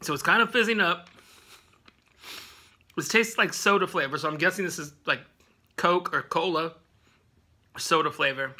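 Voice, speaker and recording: A man's voice: a little high, moderate pace, long pauses, pushed and bright. A man hosting a casual snack review vlog at home, rambling with lots of fillers and laughing often.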